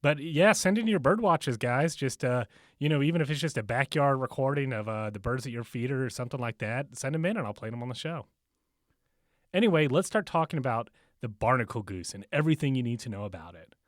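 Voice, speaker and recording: A man's voice: mid-range voice, lively intonation, brisk, dry recording, studio quality. A man hosting a podcast in a chatty, casual way, laughing at his own jokes and using many fillers, recorded in a bookstore. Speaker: podcast host.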